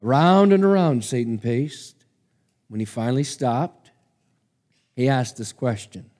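A man's voice: medium pitch, expressive, unhurried, warm tone. A man preacher giving a sermon and reading a story aloud in an emphatic, dramatic way. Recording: long hall reverb.

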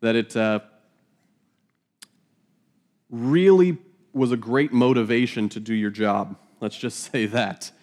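A man's voice: medium pitch, unhurried, darkish tone. Joking man teaching from the Bible. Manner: casual and joking, with laughing asides.

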